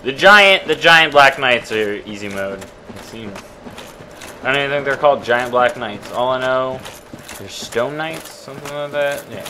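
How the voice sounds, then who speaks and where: A man commentating his own gameplay in a casual let's play, swinging between quiet mumbles and excited yelps. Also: medium pitch, normal speed, background noise. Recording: loud game sounds behind voice.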